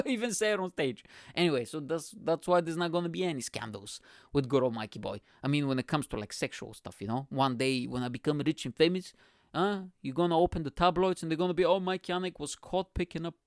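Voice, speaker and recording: A man's voice: fairly high pitch, fairly quick, dry recording, studio quality. A young man with an accent, hosting a podcast with a crude, boastful, self-mocking comedic monologue. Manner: speaks with an accent. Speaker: podcast host.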